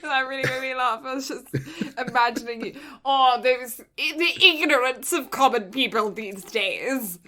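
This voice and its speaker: A woman's voice: sits high, moderate pace, few pauses, bright, forceful tone. A woman co-hosting a podcast in casual chat, with a Southern US accent, teasing and giggling often. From Southern United States. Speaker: podcast co-host.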